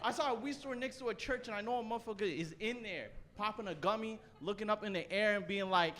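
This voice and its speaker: A young Canadian man performing a stand-up set, telling a loose, profane story with animated bursts. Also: sits high, fast, few pauses. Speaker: stand-up comedian. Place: comedy stage before a live audience.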